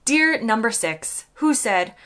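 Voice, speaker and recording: An American woman with a croaky voice, reading out comments and answering them with dry, mock-sincere sarcasm. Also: fairly high pitch, animated, slow, a bit bright. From United States. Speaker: vlogger.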